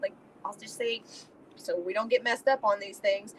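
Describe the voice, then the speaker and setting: Blunt, swearing woman, higher voice. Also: steady tone, normal speed, a little hiss or hum, low-quality recording. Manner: blunt, emphatic, swears freely. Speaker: podcast co-host. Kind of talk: casual chat.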